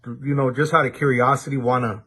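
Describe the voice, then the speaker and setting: Husky-voiced man issuing a stern warning. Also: medium pitch, steady tone, fairly bright tone. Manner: deliberate warning tone, repeats words as he restarts. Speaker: commentator addressing viewers. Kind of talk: direct-to-camera monologue.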